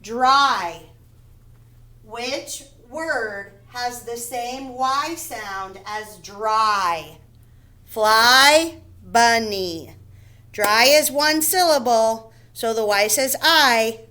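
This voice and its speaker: A woman teaching a phonics lesson to first graders, slowly sounding out and repeating words. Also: on the high side, bright, forceful tone, low-quality recording. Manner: slow, deliberate, repeats words and sounds them out. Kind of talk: phonics lesson for young children.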